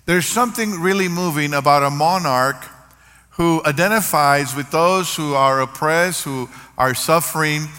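Older male pastor, bright and forceful, preaching in a reverberant hall. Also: a little high, clean tone. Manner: earnest, varied emphasis, storytelling. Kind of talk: sermon. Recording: long reverb of a large hall.

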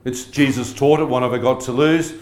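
In an echoey church hall, a man with a medium-pitched, steady voice delivers a funny testimony sermon a little fast. He frequently puts questions to the audience.

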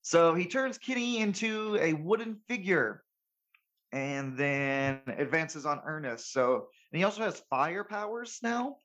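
A man's voice: fairly high pitch, a little slow, fairly bright tone. A man hosting a podcast, casually recapping a movie with frequent chuckles and self-corrections. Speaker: podcast host.

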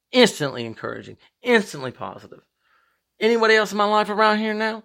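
Guy with a gravelly kinda high voice doing a rambling sweary podcast monologue into a mic. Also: big pitch swings, fast talker, sharp tone. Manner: profane and rambling, with big emphatic swings in pitch. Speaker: podcast host. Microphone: podcast microphone.

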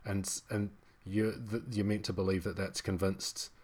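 A man with a very low, deep voice co-hosts a film podcast. He speaks casually and rambles, restarting phrases and leaning on fillers as he works through his point. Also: flat delivery, moderate pace, darkish tone. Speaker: podcast co-host. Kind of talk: casual film review chat.

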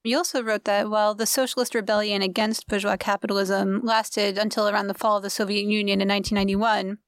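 A woman hosting a podcast, asking measured, prepared questions. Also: medium pitch, little pitch movement, no room sound. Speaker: podcast host. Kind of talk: interview questions.

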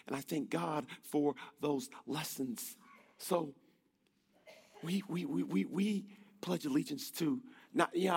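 Guy preaching, kinda high voice, loose and jokey, big reverb hall. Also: husky. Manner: conversational, joking, swings from loud to hushed. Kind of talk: sermon.

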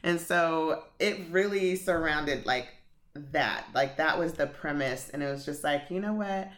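A woman's voice: deep voice, a little slow. A woman guest in a casual podcast chat, explaining at length with lots of fillers.

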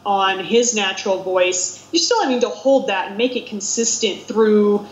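A woman's voice: mid-range voice, moderate pace. A woman co-hosting a casual film chat, talking in a chatty, exclamatory way and laughing often. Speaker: podcast co-host. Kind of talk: casual chat about films. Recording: roomy, dull lo-fi sound.

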